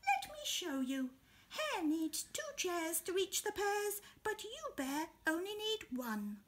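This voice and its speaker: A woman voicing a tiny, wise and polite beetle in a picture-book read-aloud, with a very high, small voice and a gentle, patient way of explaining. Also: sing-song, takes it slowly, full character voice. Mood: kindly explaining.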